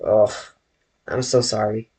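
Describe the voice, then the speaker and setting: His voice is fairly low, warm and slightly rough, with little pitch movement. Streaming from his bedroom as he draws, he chats casually with viewers in a slow, rambling way, often correcting himself and responding to chat.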